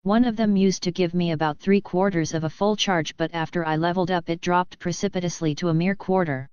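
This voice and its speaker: A woman reading a web novel aloud in steady, scripted first-person narration. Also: fairly low pitch, fairly quick, smooth, no echo, muffled recording. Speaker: audiobook narrator.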